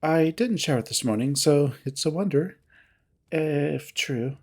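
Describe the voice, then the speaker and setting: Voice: medium pitch, lively intonation, a little slow, darkish tone, slightly rough. A reader voicing a wary young fennec fox woman who makes guarded, dry remarks.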